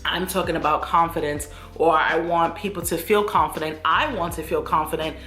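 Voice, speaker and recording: A woman's voice: low-pitched, steady tone, normal speed, sharp tone, soft background music. A woman vlogger speaking candidly to camera in an earnest, reflective way, often repeating phrases for emphasis. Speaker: lifestyle vlogger.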